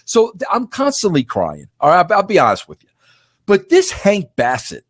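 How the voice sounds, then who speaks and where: A man's voice: high-pitched, huge pitch swings, moderate pace, no room sound, studio quality. A man in his fifties hosting a podcast monologue, emphatic and full of stammering restarts. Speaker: podcast host. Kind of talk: casual monologue.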